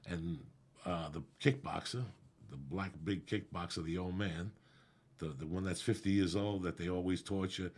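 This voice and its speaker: A middle-aged man, a comedian guest, telling a profane, animated story in casual podcast chat. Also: low-pitched, normal speed. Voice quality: gravelly, husky.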